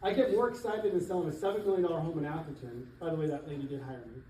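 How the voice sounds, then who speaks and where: A middle-aged man, a real estate coach, giving an animated motivational seminar talk to an audience in a church hall. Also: a little high, racing, a little hiss or hum. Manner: emphatic, animated, laughs between points. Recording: echoey hall, voice from far off.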